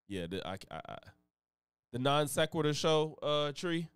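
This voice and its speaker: A man's voice: a little high, sing-song, measured pace, smooth, dry recording. A man hosting a live stream, chatting loosely and profanely in a rambling way. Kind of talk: casual live-stream reaction chat.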